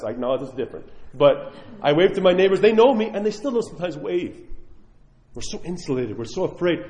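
A man, a priest, preaching a sermon to his congregation, earnest and pleading, swinging between loud emphasis and soft asides. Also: a little high. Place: church. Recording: echoey church hall, dull sound.

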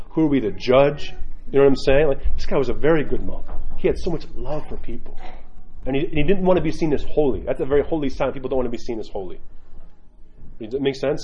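Man, mid-pitched priest, chatty storytelling sermon, lo-fi sound. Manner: conversational, animated, frequent asides.

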